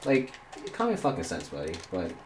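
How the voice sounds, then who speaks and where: A man's voice: sits low, huge pitch swings, moderate pace, echoey room, a little hiss or hum. A man streaming a game while telling a rambling story, quoting people and swearing casually.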